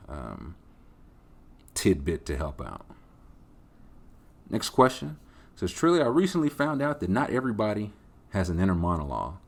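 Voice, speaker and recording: A man with a deep, low voice hosts a podcast and works through listener questions. He talks in a loose, rambling, joking way, full of slang and the odd swear word. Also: a little mellow. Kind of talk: casual chat.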